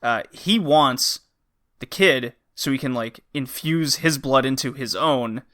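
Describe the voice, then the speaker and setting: A man's voice: medium pitch, takes it slowly, fairly bright tone. A man hosting a casual game podcast, rambling with many fillers as he reviews recent releases. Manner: rambling, frequent uh and um, acts out game lines. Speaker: podcast host.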